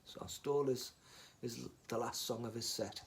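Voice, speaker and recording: A man chatting casually on a live stream, rambling, joking and swearing, muttering asides and then loudly greeting viewers. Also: medium pitch, steady tone, normal speed, creaky, slight background noise.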